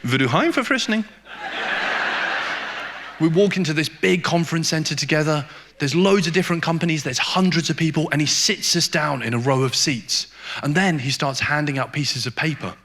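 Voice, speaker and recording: A man doing a stand-up comedy set on stage, telling an animated story and slipping into mock Danish phrases. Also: fairly high pitch, fairly quick. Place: comedy club stage with live audience.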